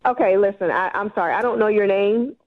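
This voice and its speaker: Exasperated woman caller on phone line. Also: medium pitch. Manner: dramatic, exasperated, quick to mock. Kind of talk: call-in radio complaint.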